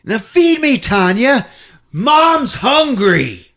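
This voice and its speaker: A man's voice: on the high side, very animated, creaky, bright, forceful tone, pitched above the performer's own voice, full character voice. A man doing a smarmy young monster. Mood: menacing. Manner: slow, mock-tender menace. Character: creepy young male monster, smarmy and menacing.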